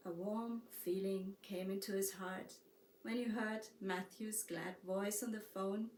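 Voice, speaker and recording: A woman with a German accent narrating a storybook tale slowly and softly, as a harpist and storyteller. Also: medium pitch, fairly even intonation, a little hiss or hum. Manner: slow, soft-spoken storytelling. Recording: roomy echo, distant mic.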